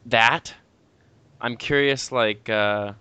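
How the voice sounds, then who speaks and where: A young man hosting a casual podcast, animated and steering the talk. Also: mid-range voice, extremely slow, smooth, no echo. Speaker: podcast host. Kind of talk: casual chat.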